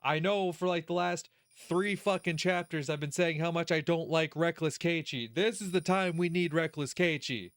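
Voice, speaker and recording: A man hosting a let's play, giving casual gaming commentary in an animated, profane way, laughing often and talking straight to the character. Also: on the high side, moderate pace, hardly any pauses, no room sound, studio quality.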